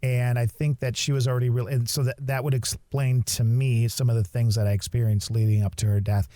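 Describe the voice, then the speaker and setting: A man co-hosting a podcast, speaking in a reflective, measured way as he thinks aloud. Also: mid-range voice, level tone, dark tone, dry recording. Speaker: podcast co-host. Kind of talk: casual podcast chat.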